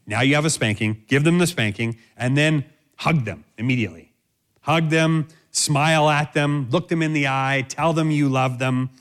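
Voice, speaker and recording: A man teaching in a sermon style, direct and instructive, who stresses points by repeating key phrases. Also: medium pitch.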